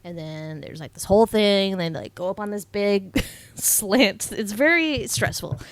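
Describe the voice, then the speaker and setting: A young woman on a podcast talks through a movie recap in an unhurried, medium-pitched voice, swearing freely and sprinkling in "like" and "um" everywhere. She is recorded close and dry, with no echo or room sound.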